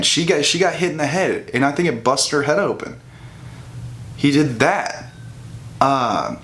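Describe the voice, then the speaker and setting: A man's voice: fairly high pitch, fairly bright tone. A young man venting in a casual, profane commentary rant, full of restarts and mocking asides. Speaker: bodybuilding vlogger.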